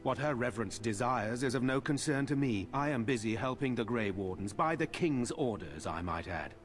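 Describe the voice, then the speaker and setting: A man's voice: medium pitch, animated, moderate pace, faint music behind, lightly acted. An actor playing a haughty, grumpy male mage in a fantasy video game, curt and condescending. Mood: irritated.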